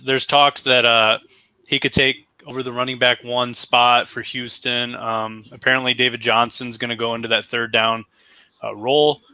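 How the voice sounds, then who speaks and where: Guy on a podcast, really bright voice, dry close sound, chatty and self-correcting. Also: mid-range voice, no echo. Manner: conversational, thinks aloud, self-correcting. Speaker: podcast co-host. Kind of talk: casual sports talk, mock draft.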